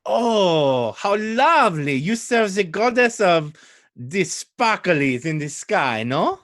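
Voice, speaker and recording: A man's voice: high voice, very animated, slow pace, fairly bright tone, voice pushed up, exaggerated voice. A man voicing a cheerful, chatty woman knight with a French-style accent who greets visitors in her kitchen. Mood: delighted. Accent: French-style fantasy accent. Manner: chatty, polite, gushing.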